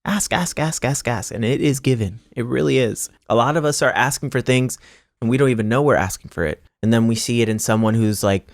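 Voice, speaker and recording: Give me a man with a middle-pitched voice giving an emphatic, repetitive spiritual pep talk to his viewers, recorded dry and close. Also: brisk, gravelly, dry recording. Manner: emphatic and repetitive, with stacked restarts and casual swearing. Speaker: astrology channel host.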